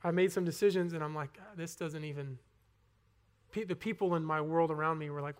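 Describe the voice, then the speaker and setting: A young man giving a personal testimony sermon to a congregation, earnest and conversational, with halting restarts, rising to loud emphasis and dropping to soft asides. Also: a little high, fairly even intonation. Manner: earnest, swings between loud emphasis and near-whispered asides. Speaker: preacher.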